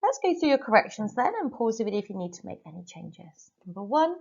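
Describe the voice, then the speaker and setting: A woman Spanish teacher giving a recorded lesson, reading dictation sentences slowly and carefully, then going through corrections. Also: mid-range voice, sing-song, vocal fry, darkish tone, husky, dull audio. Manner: slow, carefully spelled-out dictation.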